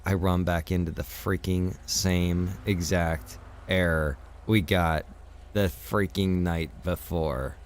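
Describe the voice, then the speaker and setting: Low-voiced man venting to his stream. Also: steady tone, slow, a little hiss or hum. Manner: venting, swears a lot, frustrated storytelling. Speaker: streamer and server owner. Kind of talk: casual chat to stream viewers.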